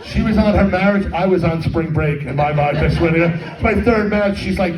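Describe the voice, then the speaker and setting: The comic's voice sits high and moves fairly quickly with few pauses as this middle-aged man works the crowd in a crude, rambling, self-mocking way. It's a comedy fundraiser with a live audience, captured by a distant mic in an echoey hall.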